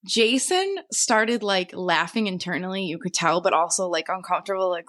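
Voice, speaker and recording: A woman co-hosting a podcast, telling an animated, swear-laden story in casual chat and laughing often. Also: mid-range voice, a little fast, few pauses. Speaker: podcast co-host.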